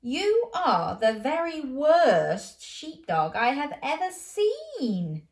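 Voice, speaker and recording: A woman's voice: high-pitched, huge pitch swings, drawn-out words, voice pushed up, heavily acted. A scornful farmer, as a woman storyteller puts him on. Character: stern farmer, male, adult.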